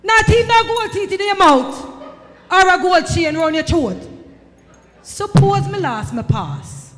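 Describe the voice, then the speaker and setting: A mocking Jamaican mother tears into her son in a very high, lilting voice, as a woman performs her in a dialect poem. Her scolding swings widely up and down in a hall with a long echo. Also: lively intonation, unhurried, full character voice. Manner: scornful, scolding, shouting bursts. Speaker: poetry performer. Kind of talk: dramatic dialect poem recitation.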